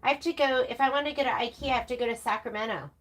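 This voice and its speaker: A woman's voice: a little high, very fast, fairly bright tone. A woman presenting a sewing stream from her home sewing room, chatting in a rambling way with laughing asides. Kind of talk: casual livestream chat.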